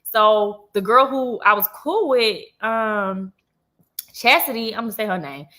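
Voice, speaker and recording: A woman in her twenties hosting a livestream, telling a personal story in a casual, animated way, full of slang and asides to her viewers. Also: mid-range voice, measured pace. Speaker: livestream host.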